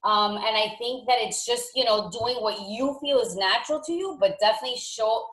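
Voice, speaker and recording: A woman coaching on a group video call, bubbly and high-energy. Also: a little fast, echoey room, low-quality recording. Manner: bubbly, high-energy, acts out excited voice messages. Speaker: fitness coach and mentor.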